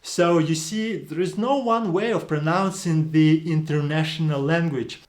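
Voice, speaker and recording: A man's voice: on the high side, unhurried, darkish tone. A man whose first language is Slavic, teaching a video lesson and explaining things patiently. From Eastern Europe. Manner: explanatory, demonstrates accents. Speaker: Greek teacher.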